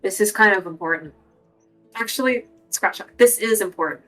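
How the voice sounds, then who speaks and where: A woman's voice: medium pitch, normal speed, a bit bright, faint music behind, rough recording. Blunt, swearing woman player. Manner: blunt, swearing, pressing questions. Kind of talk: casual tabletop role-play.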